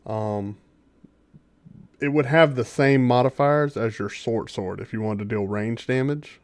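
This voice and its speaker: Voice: medium pitch, unhurried, dry recording. A laid-back game master running a tabletop game on a live stream, talking casually with slang and frequent laughs.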